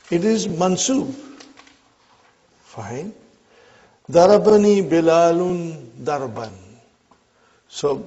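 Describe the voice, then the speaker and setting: A man lectures a classroom on grammar at an unhurried pace, his fairly high voice gravelly with fry. He repeats points and checks in with his students often. The recording sounds dull and lo-fi. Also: a little mellow. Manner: slow, repetitive, checks in with listeners. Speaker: Arabic teacher.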